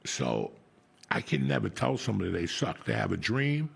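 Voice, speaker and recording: A middle-aged man from New Jersey hosts a casual talk show. He tells rambling, profane stories in a deeply gravelly, husky voice. His pitch swings lively up and down as he talks. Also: moderate pace. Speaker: podcast host. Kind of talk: casual storytelling chat.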